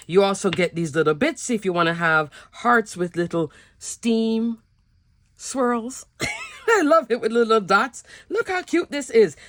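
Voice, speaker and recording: A woman hosting a craft video, chatting warmly and gushing over cute stamps as she shows them. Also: mid-range voice, dry recording, studio quality. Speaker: craft channel host. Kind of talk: casual product show-and-tell.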